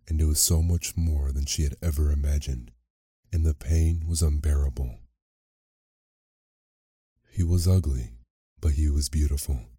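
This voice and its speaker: A man narrating a fairy tale as a sleep story, reading in a slow, soothing, soft way. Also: a bass voice, breathy edge, no echo, studio quality.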